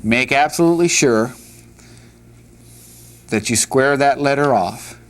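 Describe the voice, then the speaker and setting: A man's voice: medium pitch, a little slow. A man teaching a lesson at a whiteboard, patiently repeating each letter and joking now and then. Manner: plain-spoken, with light jokes. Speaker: Hebrew teacher.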